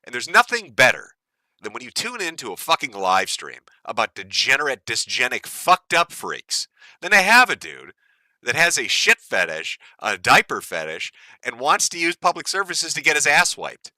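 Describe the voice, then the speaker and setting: A man's voice: medium pitch, huge pitch swings, normal speed, bright, forceful tone, no echo. A man hosting a livestream, ranting in a crude, mocking, profane way. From United States. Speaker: livestream host.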